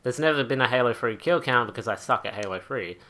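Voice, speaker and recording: A man's voice: medium pitch, expressive, quick pace, fairly bright tone. A man ranting angrily over gameplay, profane and exasperated, as a gaming channel host. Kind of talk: angry gameplay rant.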